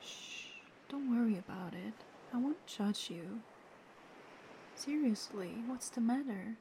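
A woman plays a playful, caring young woman speaking to the listener in an audio role-play. She talks slowly, with a mellow, relaxed tone, mixing gentle teasing with soft, soothing words. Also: a little high, gravelly, slight background noise, full character voice. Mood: tender.

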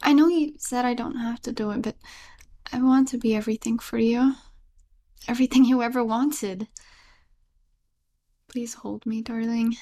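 A woman's voice: on the high side, fairly even intonation, moderate pace, long pauses, natural voice. Woman as a doting yandere girlfriend in whispered role-play. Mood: doting, soft. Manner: soft, stammering, giggly. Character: clingy obsessive young yandere girlfriend, tender and apologetic.

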